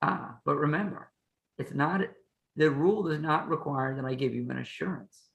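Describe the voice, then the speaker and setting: Gravelly-voiced male law professor. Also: fairly high pitch, moderate pace, fairly bright tone, reverberant, rough recording. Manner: plain-spoken, uses playful hypotheticals. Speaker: law professor and podcast host. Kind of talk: explanatory lecture chat.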